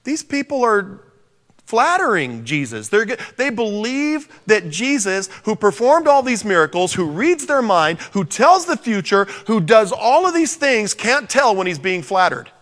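A man preaching a sermon to a congregation, animated and joking, acting out the scripture quotes. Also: high voice, a little slow. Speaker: pastor. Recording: long reverb of a large hall.

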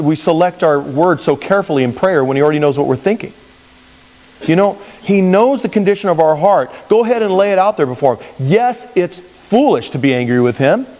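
Animated preacher man in a reverberant hall. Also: sits high. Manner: conversational and animated, acts out quoted voices. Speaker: pastor. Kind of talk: expository Bible teaching sermon. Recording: long reverb, as in a large hall.

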